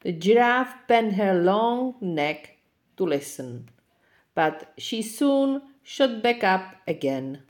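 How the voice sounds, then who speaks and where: A woman reading a children's picture book aloud in an expressive, gentle read-aloud manner. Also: mid-range voice, slow pace. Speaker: storyteller.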